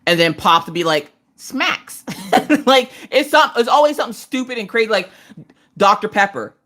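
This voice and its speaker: At a normal speed and medium pitch, a woman in her thirties chats her way through a crafting livestream from her couch at home. Her stories are animated, and she imitates the people she quotes.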